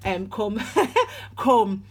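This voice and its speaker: A woman's voice: mid-range voice, extremely slow. A woman giving a casual tarot and astrology reading, rambling and chatty with many restarts, calling her viewers darlings. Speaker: tarot reader.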